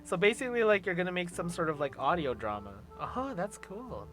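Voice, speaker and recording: A streamer hosts a relaxed chat, joking and laughing easily and drifting off into fillers as the thought goes on. The voice rises and falls a great deal as it talks. Soft music plays faintly in the background. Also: mid-range voice, brisk. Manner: playful, laughs often, trails off with fillers. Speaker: streamer host. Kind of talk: casual chat on a livestream.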